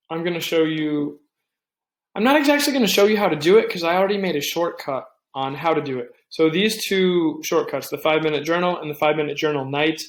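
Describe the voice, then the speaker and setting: A young man hosting a casual tech tutorial, talking things through with asides and quick restarts. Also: a little high, echoey room. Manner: chatty, thinks aloud with restarts and asides. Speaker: tech tips host. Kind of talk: casual screen-recorded tutorial.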